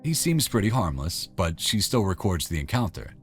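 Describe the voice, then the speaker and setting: A man's voice: low-pitched, sing-song, normal speed, soft background music. A man giving wry, conversational scripted narration.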